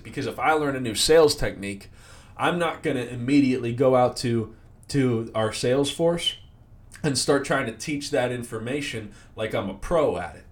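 A man in the financial services industry giving a casual motivational talk, often checking in with "right?" and filler words. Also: medium pitch. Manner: conversational, many fillers and "right?" tags. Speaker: sales leader in financial services.

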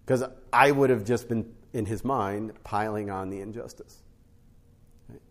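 A middle-aged man, a podcast guest, teaching on spiritual life through a family story, with an animated storytelling manner that often checks in with "right?". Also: lowish voice, a little slow. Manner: animated storyteller, rises to emphatic peaks, frequent "right?" tags.

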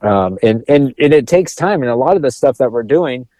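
A man co-hosting a podcast talks in a rambling way, stumbling over repeated words. His voice is dark and mellow. The recording is close and dry. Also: medium pitch, expressive, normal speed, no room sound. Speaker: podcast co-host. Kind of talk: casual podcast chat.

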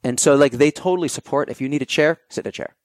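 A man's voice: a little high, fast, no room sound. A man, a podcast guest, talking casually and telling stories with animation, acting out his own quoted thoughts. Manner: loose and conversational, many fillers. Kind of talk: casual conversation.

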